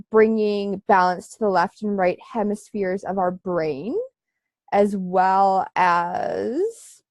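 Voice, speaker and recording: A woman teaching a live online breathing class, giving relaxed, chatty instructions with frequent fillers and a slightly congested voice. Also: mid-range voice, no echo.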